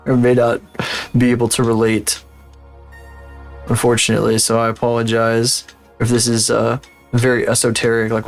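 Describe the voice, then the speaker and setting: A male streamer rants loosely and swears freely, his voice in a middling pitch. Faint background music plays under him as he works on stream. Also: normal speed, long pauses. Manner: profane, ranting, animated. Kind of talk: casual livestream chat while working.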